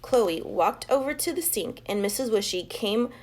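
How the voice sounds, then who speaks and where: A woman teacher reading a children's chapter book aloud with expressive, lively storytelling. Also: medium pitch, normal speed.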